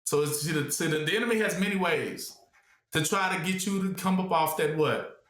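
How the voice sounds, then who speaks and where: A man preaching to a small group with a high, bright voice that rings around an echoey room. He keeps asking questions and leaves the gap for the listeners to fill in, talking loose and conversational rather than polished. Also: moderate pace. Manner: rhetorical questions, congregation fills the blank; casual, colloquial speech. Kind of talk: call-and-response teaching.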